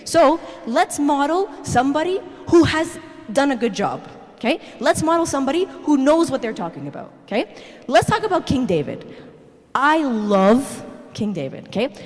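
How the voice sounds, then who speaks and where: A woman's voice: high-pitched, big pitch swings, moderate pace, darkish tone. A young woman giving a casual, dramatic church talk, tagging "okay?" onto her sentences. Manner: dramatic, keeps adding "okay?". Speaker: youth speaker. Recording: hall reverb.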